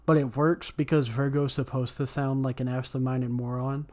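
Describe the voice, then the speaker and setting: A man's voice: medium pitch, little pitch movement, moderate pace, darkish tone. A man in offhand, chatty casual talk as a podcast co-host, swearing now and then. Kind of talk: casual chat.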